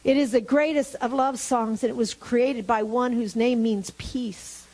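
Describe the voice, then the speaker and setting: A woman's voice: on the high side, steady tone, a little slow, a little mellow. A woman preacher giving a sermon, telling a story and then asking the congregation fervent questions.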